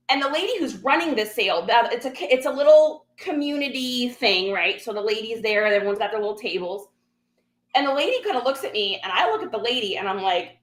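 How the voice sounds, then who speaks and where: A woman reseller tells her viewers a story, talking casually and acting out other people's lines. Her voice sits high and swings widely in pitch. The room around her sounds echoey. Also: moderate pace. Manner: animated, acts out other people's lines in quotes. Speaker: reseller sharing a garage sale haul.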